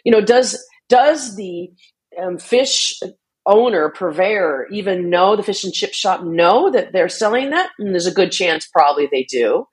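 Woman guest on an interview, lowish voice, earnest and explanatory, stumbles and restarts often. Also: slightly rough. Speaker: interview guest, shark conservation advocate. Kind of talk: conversational interview answer.

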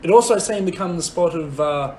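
Blunt young storyteller, fairly high voice. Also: male voice, fast, a little hiss or hum. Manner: blunt, profane, deadpan. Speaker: podcast co-host. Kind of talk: casual storytelling.

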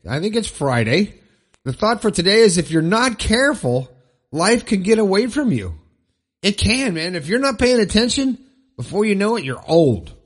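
A middle-aged man hosts a solo motivational podcast, upbeat and rambling, often repeating phrases for emphasis. His voice is high-pitched, very animated and slightly rough, delivered at a normal speed.

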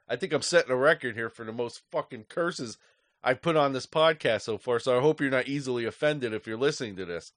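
A man's voice: medium pitch, a little fast, no room sound, clean studio sound. A man hosting his own podcast, ranting angrily about sports fans and swearing constantly. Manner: angry, profane ranting. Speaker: podcast host. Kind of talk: solo podcast rant.

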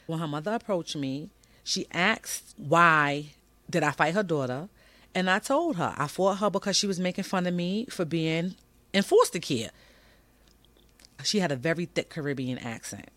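A woman's voice: low voice, a bit bright, no echo. A woman from Brooklyn, New York, hosting a podcast, telling a personal story in a candid, emphatic, conversational way. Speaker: podcast host.

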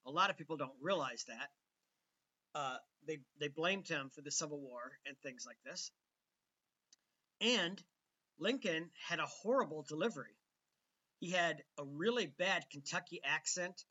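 Male show host, casual rambling commentary, bright tone, muffled lo-fi sound. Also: a little high, lively intonation, normal speed, pauses often. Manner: conversational, many ums and restarts. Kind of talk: casual political commentary monologue.

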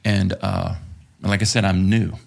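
A man's voice: low voice, little pitch movement, moderate pace, vocal fry. A man guest on a podcast, telling a story in a casual, profane, laughing way. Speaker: podcast guest, former contractor.

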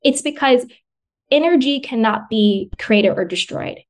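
A woman's voice: fairly high pitch, unhurried. A woman guest on a podcast, talking earnestly about self-love and often repeating phrases for emphasis. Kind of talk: conversational self-help advice.

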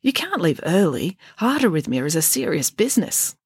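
Relaxed young sidekick, read by a woman: easygoing, matter-of-fact, low storybook voice. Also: normal speed, slightly rough, no echo, clean studio sound, heavily acted. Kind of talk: storybook reading.

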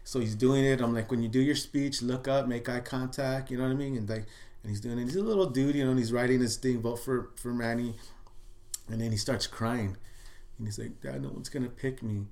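A man's voice: medium pitch, fairly quick. Chatty middle-aged man telling stories. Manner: loose and chatty, full of "dude" and "you know what I mean"; acts out quoted lines, swinging loud and soft. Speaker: guest. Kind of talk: casual storytelling chat.

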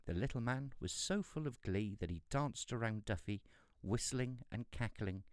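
A man narrating a fairy tale in a calm, steady storytelling manner. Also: medium pitch, normal speed, no room sound, clean studio sound.

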